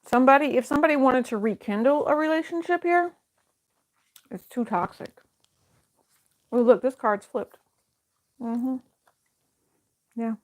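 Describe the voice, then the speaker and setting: A woman's voice: high voice, moderate pace, pauses often. Woman giving a rambling, hesitant tarot reading. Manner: thinks aloud, hesitant, many fillers and restarts. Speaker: tarot reader. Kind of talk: casual tarot reading to camera.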